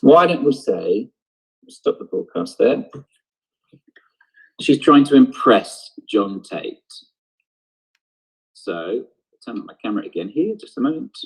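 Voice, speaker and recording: A man's voice: fairly low pitch, sing-song, takes it slowly, pauses often, slightly rough, rough recording. A man teaching an online drama lesson, explaining step by step and thinking aloud. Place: home, on a video broadcast.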